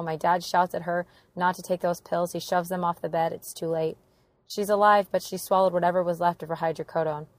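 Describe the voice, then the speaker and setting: Gravelly-voiced young woman telling a story. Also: fairly low pitch, dry recording. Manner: earnest, emotional retelling. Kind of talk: personal story narration.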